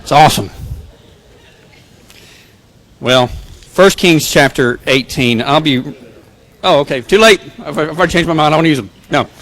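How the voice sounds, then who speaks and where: A man's voice: on the high side, normal speed, a bit bright. A male pastor giving a sermon, telling jokes and self-deprecating personal stories. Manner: joking, self-deprecating storyteller.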